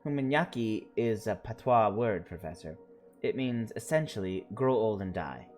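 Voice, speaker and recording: A man streaming a story game, reading the lines of several characters aloud and slowly sounding out invented words. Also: fairly low pitch, expressive, darkish tone, soft background music.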